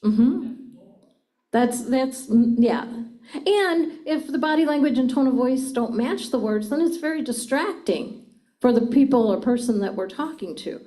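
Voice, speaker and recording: A woman's voice: high voice, lively intonation, unhurried, mellow. A middle-aged woman giving a live seminar talk on communication, engaging the audience with frequent questions. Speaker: communication speaker.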